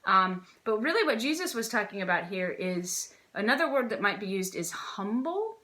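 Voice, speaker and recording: A woman's voice: medium pitch, very animated, normal speed, sharp tone. A woman teaching a casual Sunday school lesson, chatty and playful and often laughing. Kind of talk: casual children's church lesson.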